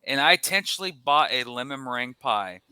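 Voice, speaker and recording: A man's voice: medium pitch, expressive, fast talker, sharp tone, clean tone, no echo. A man co-hosting a podcast in casual chat, telling a story in a rambling way with frequent restarts. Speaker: podcast co-host.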